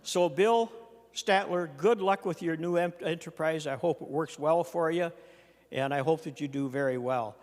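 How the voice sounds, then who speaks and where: A retiring Minnesota state senator, an older man with a fairly high voice and a moderate pace, gives his farewell floor speech in the legislative chamber. He tells folksy stories with dry humor, and the large chamber adds a long reverb.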